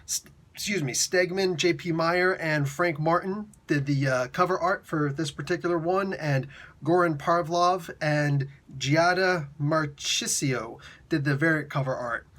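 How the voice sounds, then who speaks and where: A man in his forties reviewing a comic book in an excited, casual way, talking hyper and slangy. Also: fairly high pitch, measured pace.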